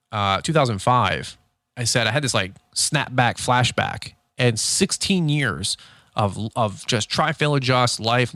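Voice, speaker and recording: A man's voice: medium pitch, dry recording. Fired-up man in his thirties, dry sound. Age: 30s. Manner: animated storyteller who reenacts conversations, frank and fired up. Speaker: podcast host. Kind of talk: candid motivational podcast monologue.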